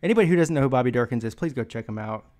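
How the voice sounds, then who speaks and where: A man's voice: mid-range voice, lively intonation, very fast, darkish tone. A man hosting a casual sports live stream, out of breath, rambling and joking with many fillers. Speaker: sports vlog host.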